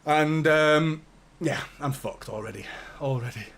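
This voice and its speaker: This fairly high, creaky, fairly bright male voice moves at an unhurried pace. He's a young fan channel host doing live match watchalong commentary, chatting casually, swearing a lot and reading out viewer super chats.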